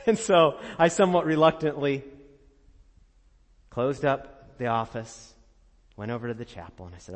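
A man preaching a sermon as a pastor, earnest and conversational, laughing at times and dropping soft and low in prayerful moments. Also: unhurried, pauses often, long reverb tail. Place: church.

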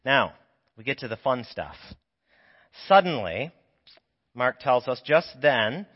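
A man's voice: medium pitch, big pitch swings, slow pace. A man preaching a sermon in a church, talking through the passage in a conversational, explanatory way while nursing a sore throat. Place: church sanctuary. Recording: dull lo-fi sound with long church reverb.

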